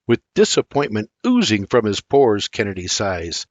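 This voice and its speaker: Older man narrating a storybook, lively voice. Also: on the low side, moderate pace, few pauses, no room sound. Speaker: audiobook narrator.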